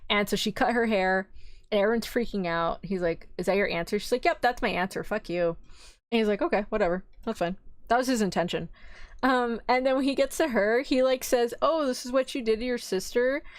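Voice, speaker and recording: A young woman streaming a casual anime recap, acting out the characters' lines in an animated, swearing storyteller's way. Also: mid-range voice, fairly quick, no room sound. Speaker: VTuber streamer.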